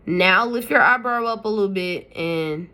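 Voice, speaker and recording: A woman's voice: medium pitch, normal speed, pushed and bright. A woman hosting a makeup tutorial, talking to her viewers in a chatty, playful way. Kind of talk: casual step-by-step tutorial talk.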